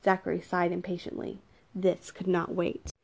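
Gravelly, warm woman reading a novel. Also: lowish voice, completely flat delivery, normal speed. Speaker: audiobook narrator. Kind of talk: scripted narration.

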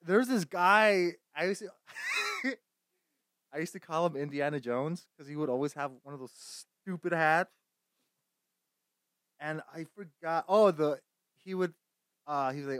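A young man chatting casually on his stream, loud and foul-mouthed, breaking into laughter again and again. His voice sits high for a man, and the sound is dry and close. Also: moderate pace, pauses often, no echo. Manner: loud, swearing, laughing often, mocking voices. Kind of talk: profane casual chat.

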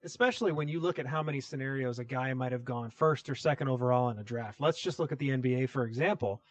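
A man's voice: mid-range voice, quick pace, no echo. A man co-hosting a casual sports podcast, direct and reasoning step by step. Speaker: podcast co-host.

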